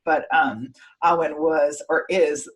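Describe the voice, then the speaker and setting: Earnest woman podcast host, slightly low voice, emotional and repetitive delivery. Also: slow pace, poor audio. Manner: earnest, emotional, repeats phrases. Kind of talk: casual conversation.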